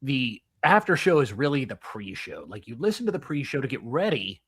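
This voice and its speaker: A man guesting on a comedy podcast, talking in a deadpan, mock-earnest way. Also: medium pitch, fairly quick, breathy edge. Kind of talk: casual comedy podcast chat.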